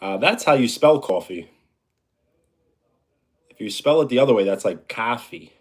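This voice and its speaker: A man's voice: medium pitch, animated, normal speed, a little mellow, slightly rough. A man with a New York accent, casually chatting with viewers on a home live stream and answering their questions with dry humor. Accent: New York (Brooklyn / Long Island). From New York, USA. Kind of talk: casual live-stream chat, reading comments.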